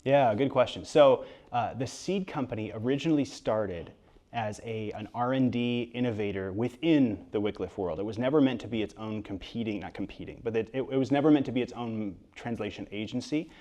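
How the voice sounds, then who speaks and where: A man being interviewed about his book in front of an audience, telling stories in a lively way with quick asides and frequent restarts. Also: mid-range voice. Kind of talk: storytelling interview talk before an audience. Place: event hall with an audience.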